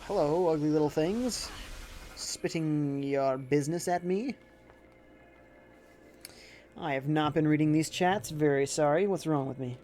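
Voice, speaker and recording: A man's voice: on the high side, a little slow, long pauses, warm tone, soft background music. Chatty man streaming a game. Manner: chatty, jokey, reads chat aloud. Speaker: livestreaming gamer. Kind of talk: casual let's-play commentary.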